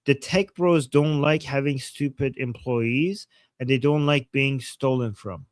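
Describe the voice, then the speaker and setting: A man hosting a political livestream, reading viewer super chats and reacting in casual, upbeat chat with quick acknowledgments. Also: medium pitch, no echo.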